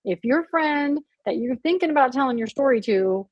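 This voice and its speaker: A woman's voice: sits high, expressive, normal speed, dry recording, muffled recording. A married woman speaking as a podcast guest, talking candidly and earnestly in a casual, conversational way with lots of "like". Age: adult, married with children. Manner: earnest, candid, heavy use of "like". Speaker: guest, abuse survivor and author.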